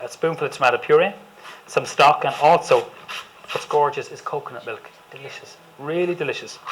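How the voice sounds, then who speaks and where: Speaking in a medium-pitched voice with an Irish accent, a chef from Ireland leads an enthusiastic live cooking demo, chatting and joking with the crowd. The audio is poor, with slight background noise.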